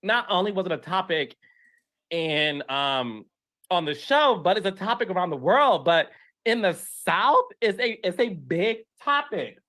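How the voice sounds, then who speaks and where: A man's voice: high-pitched, animated, measured pace, sharp tone. A man hosting a podcast, speaking earnestly and emotionally, often repeating himself. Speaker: podcast host.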